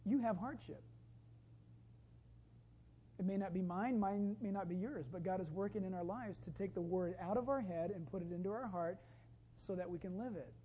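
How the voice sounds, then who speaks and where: A woman pastor delivering a sermon, emphatic and building to loud exclamations. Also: medium pitch, normal speed, long pauses, highs cut off, a little hiss or hum.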